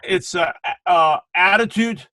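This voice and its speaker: Guy with a high voice hyping up his sales team on a video call, punchy catchphrases, dry no-room sound. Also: slow, dry recording, low-quality recording. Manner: animated coaching, addresses viewers by name, punchy repeated slogans. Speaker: guest trainer. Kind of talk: motivational sales training on a live video call.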